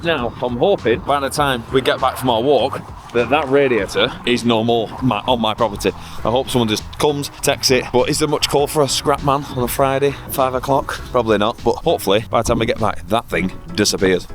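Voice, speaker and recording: A man's voice: mid-range voice, fairly even intonation, brisk, faint music behind. Casting note: young British man, daily vlogger, blunt and chatty, mid-range voice. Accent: British English. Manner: chatty and blunt, with mild swearing. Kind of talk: casual vlog chat.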